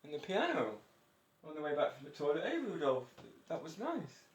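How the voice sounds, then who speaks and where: A man's voice: fairly high pitch, huge pitch swings, moderate pace. Breathless man in his fifties. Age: 50s. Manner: rambling, chatty, self-described eccentric, chuckles often. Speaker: vlogger. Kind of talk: casual personal monologue. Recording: roomy echo.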